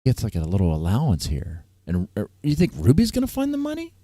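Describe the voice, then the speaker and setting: A man's voice: mid-range voice, huge pitch swings, fast talker, mellow, dry recording, studio quality. A man hosting a casual live-stream panel, ranting and repeating himself, breaking into laughter often. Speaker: stream host.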